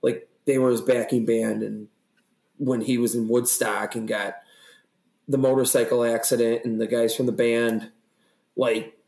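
A young man co-hosting a podcast rambles and swears through animated stories in casual chat. His medium-pitched voice runs a little slow, recorded in an echoey room.

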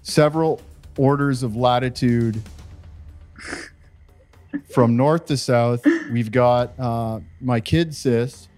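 A man's voice: medium pitch, slow pace, long pauses, a little mellow, faint music behind. A man hosting a casual podcast chat in a laid-back, rambling way. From Canada. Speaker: podcast host. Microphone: remote call.

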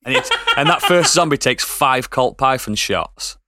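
Bright-voiced man laughing through podcast chat. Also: medium pitch, expressive, measured pace, dry recording. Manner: laughs often, stammers into restarts. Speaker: podcast co-host. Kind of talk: casual chat.

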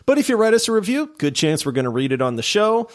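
Goofy podcast dude, voice bounces all over, always laughing. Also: male voice, sits high, quick pace. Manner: goofy, laughing, lively teasing. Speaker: podcast co-host. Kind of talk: casual gaming podcast chat.

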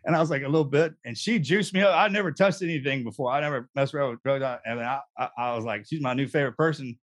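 A man's voice: mid-range voice, fast talker. A man, a guest recounting his story in a joking, self-mocking way. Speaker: guest, Navy SEAL veteran. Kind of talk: casual storytelling.

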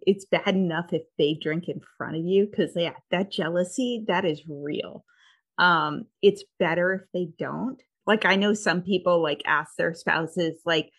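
Brief: middle-aged woman host, lowish voice, candid and animated, casual chat. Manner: candid, animated storytelling with lots of "like". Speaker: podcast host. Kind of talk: casual conversation.

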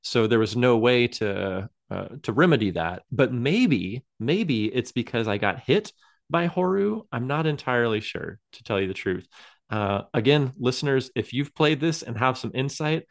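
A man's voice: medium pitch, animated, normal speed, gravelly. Casual rambling podcast co-host, man. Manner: rambling, hesitant, with many fillers and chuckles. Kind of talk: casual chat.

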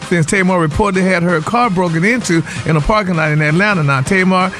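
A man's voice: high voice, fast, music in the background, close to an everyday voice. A man doing a flamboyant sing-song gossip reporter. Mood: gossipy. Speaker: celebrity news segment.

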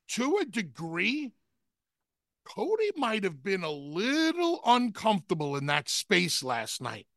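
A man co-hosting a wrestling talk show, who talks deliberately and slows down to spell out his points. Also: high-pitched, bright, forceful tone, no echo, clean studio sound. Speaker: podcast co-host, wrestling analyst.

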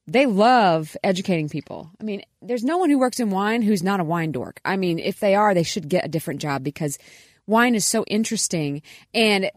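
A woman's voice: medium pitch, animated, brisk, no echo, studio quality. Enthusiastic woman co-hosting a wine chat. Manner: chatty, enthusiastic, acts out little quoted exchanges. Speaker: podcast co-host. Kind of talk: casual wine-tasting chat.

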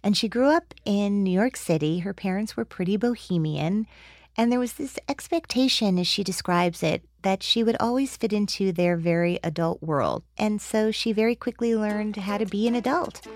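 A woman's voice: mid-range voice, darkish tone, dry recording. Woman host with dry close sound. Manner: quick reactions, joking asides. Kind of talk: casual chat and narration.

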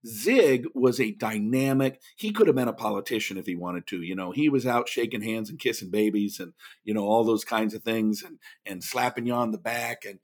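A man's voice: mid-range voice, moderate pace, hardly any pauses. A man who speaks professionally, telling stories in a podcast interview and bringing the people in them to life with impressions. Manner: animated, does lively impressions of others. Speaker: guest speaker.

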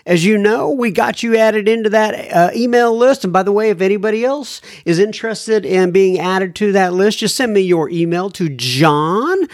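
A man's voice: high-pitched, normal speed, few pauses, dry recording, clean studio sound. A man hosting a recovery podcast, folksy and earnest, chatting and reading listener letters aloud. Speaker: podcast host. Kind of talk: casual recovery podcast talk.

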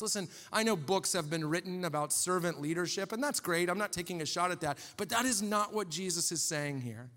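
A man preaching a sermon as a pastor, in a conversational, animated storytelling way. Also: high-pitched, normal speed, hardly any pauses, long reverb tail.

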